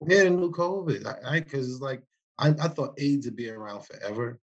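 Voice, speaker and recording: A man's voice: mid-range voice, a little fast, dull audio. A man in his forties co-hosting a podcast in casual chat, rambling and preachy, recorded on a makeshift mic. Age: 40s. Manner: loose, preachy, rambling street talk. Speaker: podcast co-host. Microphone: broken mic, poor substitute.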